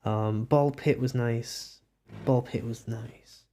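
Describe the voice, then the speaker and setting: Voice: mid-range voice, fairly even intonation, slow, warm tone, slight background noise. A nineteen-year-old streamer chatting casually on a live stream while drawing, giggly and self-mocking. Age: about 19.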